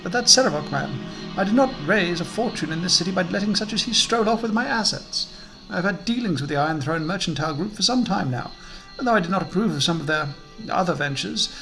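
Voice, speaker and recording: Huffy rich noble lady in a fantasy game, raised and sharp, as a man puts her on. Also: high-pitched, vocal fry, full character voice, rough recording. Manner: huffy, offended, rapid complaining. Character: haughty wealthy noblewoman, furious and indignant.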